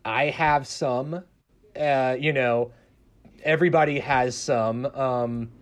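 A man's voice: medium pitch, fairly even intonation, takes it slowly. A man from the American South who works in public radio, talking through a question in a casual panel discussion with lots of fillers and restarts. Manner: hesitant, many restarts and fillers. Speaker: public radio journalist guest.

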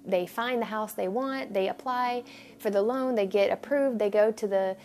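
Faint music plays behind a woman speaking at normal speed in a mid-range, slightly mellow voice. She's a devotional podcaster giving listeners an informal talk, earnest and rambling, with frequent restarts and moments of near whisper.

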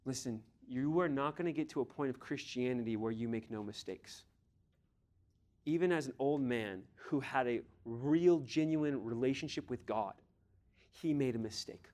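A man preaching a sermon, emphatic, swinging between loud exhortation and hushed, near-whispered lines. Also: medium pitch, normal speed.

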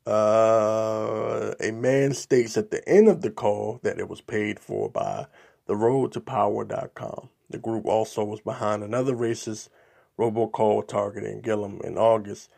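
A man with a low, gravelly voice delivers political commentary on his podcast. He reads news reports aloud at an unhurried pace and keeps stopping for his own asides. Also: fairly even intonation, a little mellow. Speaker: podcast host.

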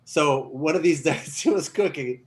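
A man from Portugal with a Portuguese accent, a stunt performer guest telling animated stories in casual podcast chat, laughing often. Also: a little high, unhurried. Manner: animated storyteller, laughs often, acts out quotes.

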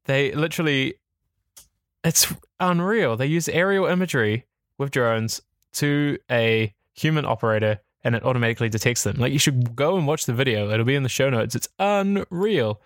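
A man hosting a tech podcast in casual chat, speaking at a middle pitch. He gets excitable and laughs easily. He is close on a large studio microphone, and the sound is dry with no room echo. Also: fairly quick. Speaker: podcast host. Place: indoors.

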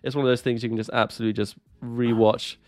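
A man's voice: medium pitch, little pitch movement, fast talker, darkish tone, no echo. A man co-hosting a casual podcast chat over a voice call, laughing often, swearing and reading out viewer comments. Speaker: podcast co-host. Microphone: own microphone on a voice call.

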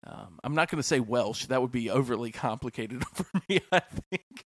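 Laughing, easygoing host. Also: male voice, mid-range voice, lively intonation, normal speed, dry recording, clean studio sound. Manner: laughs often, easygoing and self-mocking. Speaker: podcast host. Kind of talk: casual conversation.

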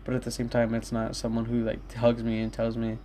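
A young man talks alone in his room, rambling and candid, dropping swear words as he goes. His voice sits at an ordinary middle pitch. A faint noise hums under the recording. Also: completely flat delivery, brisk, dark tone. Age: young adult. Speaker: podcast host. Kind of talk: casual solo monologue.

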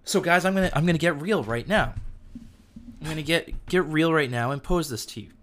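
A young man hosting a casual Bible talk who keeps getting excited, interrupting himself and reading verses aloud. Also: a little high, fairly quick, a little hiss or hum. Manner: enthusiastic, gets amped and self-interrupts. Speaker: podcast host.

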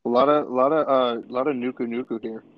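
A man's voice: medium pitch, fairly even intonation, brisk, dry recording. A man in casual crude chat with friends, blunt and swearing constantly. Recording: dull, dry lo-fi sound.

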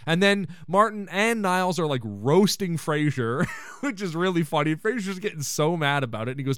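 A man hosting a podcast, casually recapping an episode in a joking, animated way with the odd swear and laugh. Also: on the high side, brisk, no room sound, clean studio sound. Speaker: podcast host.

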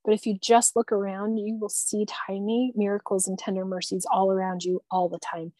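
A woman's voice: mid-range voice, level tone, a little fast, warm tone, no echo. A woman sharing personal experiences in a conversation, talking in an earnest, tender way with frequent restarts. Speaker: guest.

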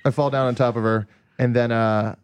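A man's voice: medium pitch, steady tone, brisk, slight background noise. A man, a podcast co-host, telling a rambling, laughing anecdote in casual chat.

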